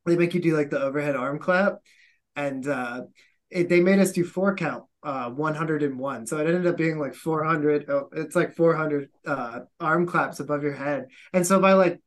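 A man's voice: a little high, normal speed. A man with a slightly raised voice tells army stories in casual podcast chat. He acts out other people's lines as he goes. He keeps an easy, chatty flow. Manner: animated anecdotes with acted-out quotes and laughter.

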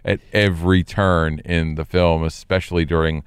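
A middle-aged man co-hosting a casual movie review chat, measured and rambling, often interrupting himself. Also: sits low, little pitch movement, clear, resonant tone, dry recording. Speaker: podcast co-host.

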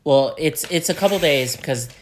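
Very low-voiced woman co-hosting casually. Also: normal speed, a little hiss or hum. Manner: chiming in, finishing the other host's sentences, blunt. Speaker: podcast co-host. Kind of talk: casual chat.

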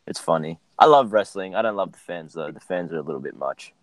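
Deep-voiced man rambling bluntly. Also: expressive, no room sound, low-quality recording. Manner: rambling, blunt, halting restarts. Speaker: podcast guest. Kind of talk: casual chat.

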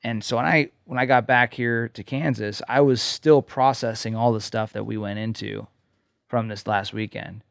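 A man's voice: on the low side, steady tone, normal speed, vocal fry, no room sound, studio quality. A man co-hosting a podcast, telling a personal story in an earnest way and often checking in with "okay?". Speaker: podcast co-host, coach. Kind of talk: casual podcast conversation.

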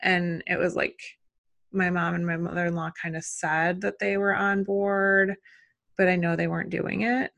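Low, gravelly-voiced mother musing aloud. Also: flat delivery, moderate pace, fairly bright tone. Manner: rambling, self-questioning, many fillers. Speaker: mother and podcast guest. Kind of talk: casual conversation.

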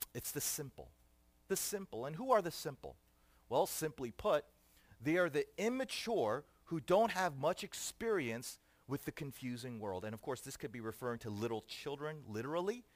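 A middle-aged male pastor delivers a sermon with a very animated, swinging voice that climbs loud for emphasis and sinks low to land a point. The sound is dry and close, with no room around it. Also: dry recording. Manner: animated preaching with dramatic swings in loudness.

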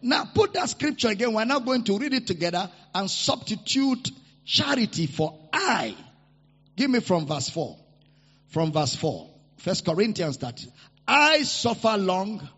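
A man preaching a sermon to a congregation. He repeats his key lines and leads the people in loud declarations. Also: sits high, very animated, unhurried, breathy edge. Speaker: pastor. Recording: reverberant hall, dull lo-fi sound.

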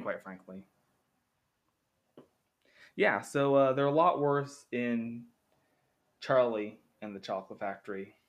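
A man's voice: mid-range voice, fairly bright tone. A man hosting a casual podcast monologue comparing two films, rambling with many fillers and acting out characters' lines. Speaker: podcast host.

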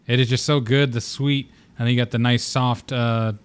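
A young man hosts a relaxed podcast, loose and joking. He swears casually and riffs with his co-host in easy conversation. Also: medium pitch, moderate pace, clean tone. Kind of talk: casual chat.

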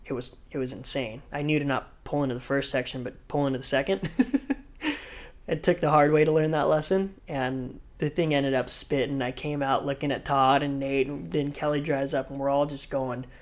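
Pro surfer guy spinning a story on a podcast, animated, mid pitch, acts out the quotes. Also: moderate pace. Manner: animated, vivid storyteller who acts out others' lines. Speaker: professional surfer guest.

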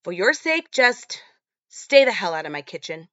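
An exasperated mother snaps back with sharp sarcasm, voiced by a woman retelling a film. The voice is bright. The recording is dry and a bit lo-fi. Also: mid-range voice, big pitch swings, moderate pace, no room sound. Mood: fed up. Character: exasperated mother hosting family.

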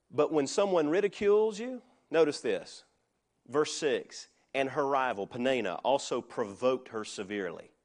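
A middle-aged male pastor preaching a sermon in a conversational way, with joking asides. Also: fairly high pitch.

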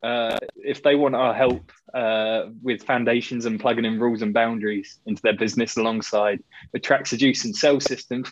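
A man, co-hosting a podcast in laid-back, sweary casual chat, quick to laugh. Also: medium pitch, steady tone, dull audio, slight background noise. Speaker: podcast co-host.

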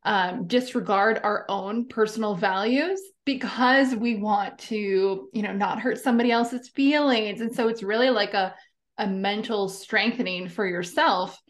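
A woman's voice: medium pitch, measured pace. Reflective woman hosting a podcast. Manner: reflective, affirming, thinks aloud with fillers. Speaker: podcast host. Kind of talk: casual interview chat.

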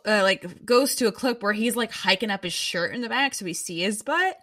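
A woman joins a casual recap with wry comments and quick jokes, her pitch moving up and down freely as she talks. She is recorded close, with a dry sound and no room echo. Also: animated, fairly bright tone, recorded from a distance. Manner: wry, joking asides, laughs often. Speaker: podcast co-host.

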